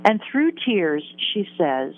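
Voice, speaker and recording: A woman's voice: on the low side, very animated, slow. A woman in her sixties, an interview guest, tells a personal story in an earnest, vivid way, repeating phrases for emphasis. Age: 60s. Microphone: telephone. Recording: tinny phone line.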